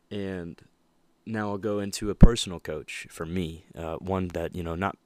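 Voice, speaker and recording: Young male podcast host, low voice, animated motivational monologue, dry close recording. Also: no echo. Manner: animated, emphatic, laughs often.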